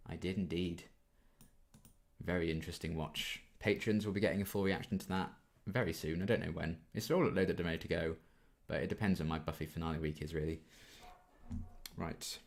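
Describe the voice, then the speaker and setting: Reading out viewers' questions, a young man in his twenties who hosts a YouTube reaction channel chats his way through answers in a casual Q&A, saying um often. He speaks low, with fairly even intonation, at a moderate pace.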